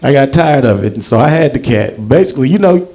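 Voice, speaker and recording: A man's voice: lively intonation, fast talker, warm tone. A young man performing a stand-up comedy set on stage, telling a profane story and acting out the voices in it. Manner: profane, storytelling, acts out quotes with big pitch jumps. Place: comedy show in a library.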